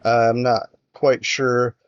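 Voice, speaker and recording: Speaking very slowly in a level, medium-pitched tone, a man offers casual commentary on a strategy game. Frustration and hesitation show in his many fillers and restarts, and the sound quality is lo-fi.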